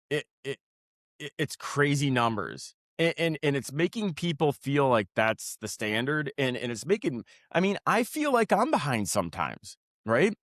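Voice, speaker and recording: A man's voice: medium pitch, a bit bright, no echo, studio quality. A man hosting his own podcast, ranting in a rambling, profane way with many restarts before settling into casual talk about his work in healthcare. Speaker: podcast host; healthcare worker.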